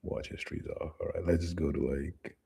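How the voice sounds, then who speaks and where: A man's voice: extremely low pitch, steady tone, fairly quick, vocal fry, dark tone, breathy edge. A man giving casual, rambling livestream commentary in a loose, profane manner. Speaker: streamer reacting to clips.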